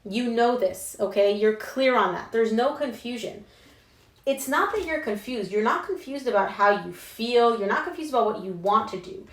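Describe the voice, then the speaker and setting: A woman's voice: fairly high pitch, lively intonation, normal speed. Young woman reading tarot, casual and emphatic, slangy, roomy sound. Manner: chatty and emphatic, slangy asides. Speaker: tarot reader. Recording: roomy echo.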